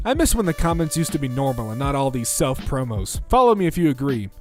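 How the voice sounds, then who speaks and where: A young man reading out internet posts for comedy, bouncing between flat deadpan and mock voices. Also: medium pitch, faint music behind. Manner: lively, quick shifts into mock voices.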